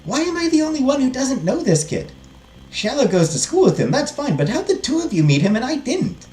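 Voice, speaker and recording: A man voicing a frustrated teenage girl in a game, sharp and impatient, in an echoey room with faint music behind. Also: extremely high pitch, sing-song, a little fast, pitched above the performer's own voice. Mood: exasperated. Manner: exasperated, demanding.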